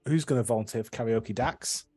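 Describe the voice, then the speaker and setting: A man running a tabletop game as game master, prompting the players in a relaxed way and laughing easily. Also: mid-range voice, brisk, husky, no room sound, soft background music.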